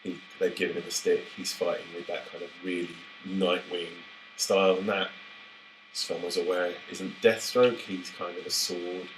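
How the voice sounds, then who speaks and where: Very low male co-host, loose and jokey, trails off and restarts, casual podcast chat. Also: level tone, normal speed, a little hiss or hum, low-quality recording. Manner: rambling, self-interrupting, jokey.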